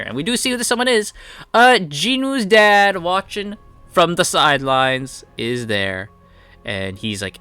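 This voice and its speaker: A man with a bright, forward voice talks through a casual chapter recap. He rambles and leans on filler words as he goes. Faint music plays underneath. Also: medium pitch, fairly quick, clear, resonant tone. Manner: rambling, heavy on fillers like "like" and "you know". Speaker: manhwa chapter reviewer.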